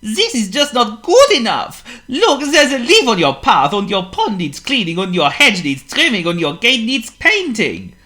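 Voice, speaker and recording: A man voicing a fussy, nagging male neighbour in a storybook reading, scolding in a high, loud voice. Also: wildly swooping pitch, measured pace, hardly any pauses, exaggerated voice. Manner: scolding, complaining shrilly.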